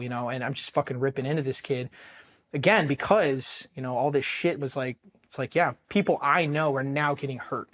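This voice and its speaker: A man's voice: medium pitch, normal speed, fairly bright tone. A man from Ohio, a Marine veteran, telling his own story in a blunt, profane, candid way.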